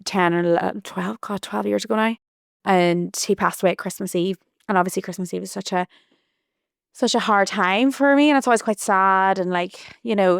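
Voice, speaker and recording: A young woman talks through a story on her podcast, rambling and restarting as she goes. Her voice is smooth and clear, recorded close and dry. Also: fairly low pitch, no room sound. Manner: chatty, rambling, with frequent restarts and "like". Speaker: podcast host. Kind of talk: casual storytelling monologue.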